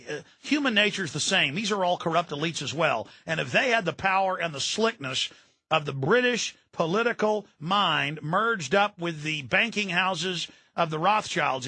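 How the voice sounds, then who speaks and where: A man's voice: sits high, pushed and bright, slightly rough, dry recording. A man hosting a radio talk show, delivering an intense, ranting political monologue and repeating words when worked up. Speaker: radio host.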